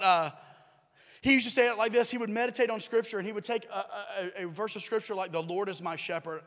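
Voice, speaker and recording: High-voiced man preaching in a reverberant hall. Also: a bit bright. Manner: conversational, asks the congregation questions and repeats key phrases. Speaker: pastor. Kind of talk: sermon. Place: church sanctuary. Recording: long reverb of a large hall.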